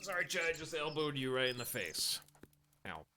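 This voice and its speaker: A man's voice: fairly high pitch, sing-song, moderate pace, sharp tone, soft background music. A man streaming casually, teasing and talking to his dog in a playful way.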